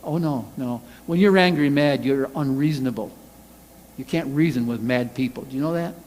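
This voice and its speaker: A man preaching a sermon as pastor, animated, acting out angry quotes in a loud voice. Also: medium pitch, a little fast, a little hiss or hum. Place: church sanctuary. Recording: reverberant church hall.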